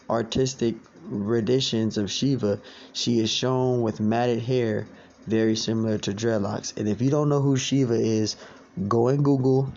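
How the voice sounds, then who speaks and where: Gravelly man preaching bluntly. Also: medium pitch, mellow. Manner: blunt, preachy, repeats phrases, curses, reads quotes slowly. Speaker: teacher. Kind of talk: religious lesson, reading aloud. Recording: dull lo-fi sound with faint noise.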